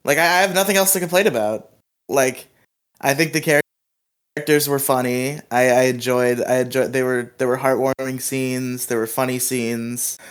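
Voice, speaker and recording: A man's voice: mid-range voice, fairly even intonation, moderate pace. A young man hosting a casual movie review podcast, chatty and teasing, often laughing. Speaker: podcast host.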